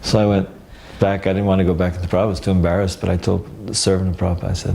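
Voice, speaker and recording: A man recalling old memories in a casual, animated storytelling way, acting out the dialogue and often stopping to restart. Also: low-pitched, creaky, slight background noise. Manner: halting, with restarts and fillers.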